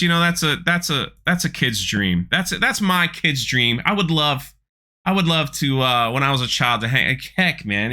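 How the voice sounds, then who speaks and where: Guy ranting about a trailer, sarcastic, keeps restarting, sharp bright voice. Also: fairly high pitch. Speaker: channel host. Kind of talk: opinion commentary on a trailer.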